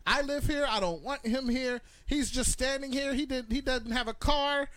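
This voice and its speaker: A man's voice: high-pitched, sing-song, a little fast, fairly bright tone, no echo, heavily acted. A man voicing a suspicious, indignant middle-aged woman who blocks a delivery man's way. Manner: indignant, accusing.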